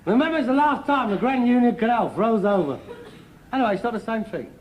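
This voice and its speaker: A mocking, dreamy son. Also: male voice, extremely high pitch, lively intonation, fast talker, dull audio. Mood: wheedling. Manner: wheedling, mocking and daydreaming. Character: ambitious, scornful working-class son, middle-aged. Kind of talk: 1960s-70s TV sitcom acting. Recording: faintly hissy archive TV recording, far laughter.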